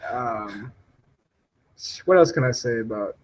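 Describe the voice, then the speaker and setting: A man's voice: mid-range voice, expressive, takes it slowly, low-quality recording. A young man chatting casually about sports as a podcast guest, joking and mocking players. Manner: joking, mocking, laughs often.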